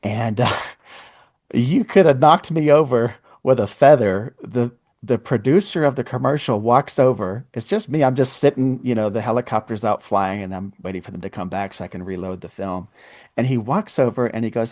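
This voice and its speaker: Speaking at a normal pace in a mid-range, darkish voice, a podcast guest spins a long story during casual conversation. He frequently laughs and voices the dialogue of the story's characters.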